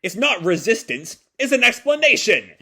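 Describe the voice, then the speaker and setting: A man's voice: on the high side, big pitch swings, unhurried. A man reading as a flustered studious teen son. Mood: exasperated. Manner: defensive, exasperated.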